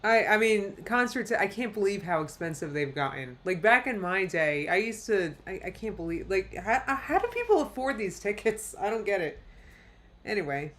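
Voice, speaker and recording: A woman speaks at a medium pitch with wide swings in intonation, a moderate pace, and a slightly bright tone. She is hosting a casual live react stream, reacting to videos as she chats loosely and rambles, reading viewer comments out loud and laughing frequently.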